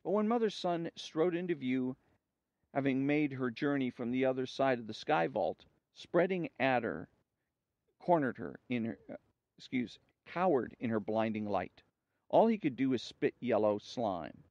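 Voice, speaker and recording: A man with a mid-range voice and lively intonation reads a story aloud slowly and deliberately, slipping up slightly now and then. The recording is dull and dry, with no room sound.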